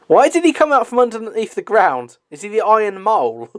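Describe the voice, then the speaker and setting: A man's voice: high voice, no echo, clean studio sound. A man giving casual movie commentary, laughing often and swearing freely. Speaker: film commentator.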